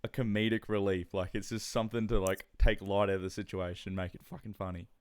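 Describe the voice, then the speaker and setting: A man hosting a podcast, chatting casually with quick, profane, enthusiastic agreement. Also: fairly low pitch, flat delivery, darkish tone, dry recording, studio quality. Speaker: podcast host. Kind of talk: casual chat.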